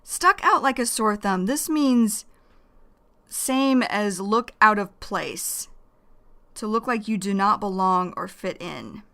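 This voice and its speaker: A woman teaching English vocabulary, explaining idioms slowly and deliberately and repeating each phrase. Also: medium pitch, expressive, gravelly, bright, forceful tone.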